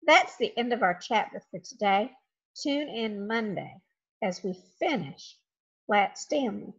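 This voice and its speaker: A woman reads a children's chapter book aloud with an expressive, dramatic delivery. Her voice is husky at a middle pitch. The recording is dull and lo-fi. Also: measured pace. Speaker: storybook reader.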